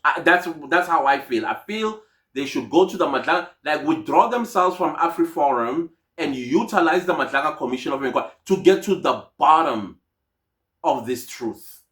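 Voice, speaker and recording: A man's voice: fairly high pitch, animated, moderate pace, a bit bright. A South African man giving casual, indignant commentary on a court case, mixing in Zulu phrases. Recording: echoey room.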